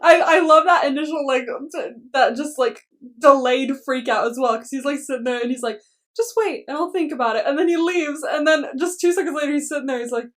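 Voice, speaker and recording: High-voiced gushing woman, a bit off-mic. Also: fairly quick, recorded from a distance. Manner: gushing, laughs often. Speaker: podcast co-host. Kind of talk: casual recap chat.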